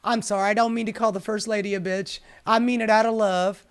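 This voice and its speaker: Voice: mid-range voice, flat delivery, fairly quick, clean tone. A host giving casual commentary while reading protest signs aloud, sassy and profane, laughing often.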